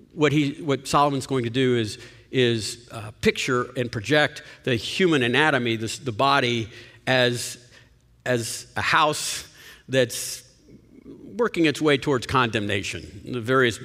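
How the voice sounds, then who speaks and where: A man preaching a sermon in an animated way, his voice rising and dropping for emphasis. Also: mid-range voice. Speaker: pastor. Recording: long reverb of a large hall.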